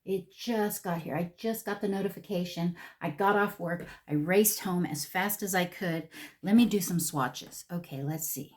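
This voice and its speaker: A woman beauty vlogger unboxing a makeup palette in a casual vlog, gushing and excitable, often repeating herself. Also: lowish voice, moderate pace.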